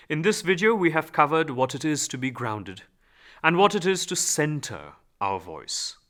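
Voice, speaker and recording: A male voice coach leads a gentle training exercise, speaking in a calm, instructive way. His tone is bright and clear, and his pitch moves in a lively, animated way as he demonstrates. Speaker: voice and speech teacher. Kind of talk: guided voice lesson.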